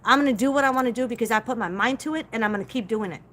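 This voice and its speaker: A middle-aged woman with a high, bright, forceful voice rants to her viewers on a live stream. She is blunt and profane and leans hard on her emphasis as she talks straight at them. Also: racing, a little hiss or hum. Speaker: psychic livestream host.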